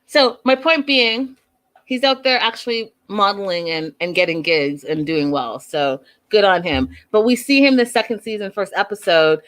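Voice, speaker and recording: A woman hosting a casual reality TV recap, chatty and animated, acting out the people she quotes. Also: mid-range voice, normal speed. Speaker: show recap host.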